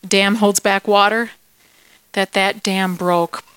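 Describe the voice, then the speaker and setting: A woman teaching a Bible lesson to children. She is playful and animated and asks the kids questions. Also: medium pitch, slow, clean tone, no echo.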